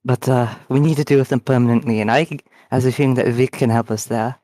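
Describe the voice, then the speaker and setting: A man's voice: medium pitch, fairly even intonation, quick pace, mellow, dry recording. A man playing in a tabletop game, casual and swearing freely. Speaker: player. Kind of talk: tabletop game role-play chat.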